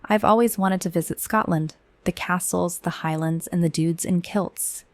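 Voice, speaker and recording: A woman reading a bubbly young female college student who gushes with excitement. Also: on the low side, moderate pace, no room sound, lightly acted. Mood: gushing. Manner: gushing and excited.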